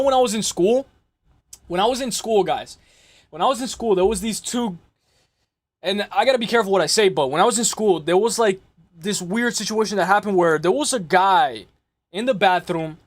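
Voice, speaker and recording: A young man hosting a casual fight-prediction show, rambling and excitable, repeating himself and swearing often. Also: high voice, normal speed. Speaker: MMA podcast host.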